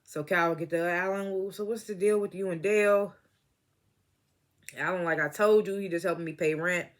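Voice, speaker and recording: A man's voice: sits high, fairly even intonation, normal speed. A man casually recapping a TV episode, laughing often and acting out the characters' lines, and he says he is stoned. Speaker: TV episode reviewer.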